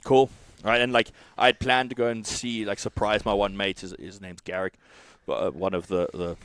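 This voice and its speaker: Low-voiced sweary man telling a story. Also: fairly bright tone, dry recording. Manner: swears often, rambling with restarts. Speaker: coach and software co-founder. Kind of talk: casual podcast storytelling.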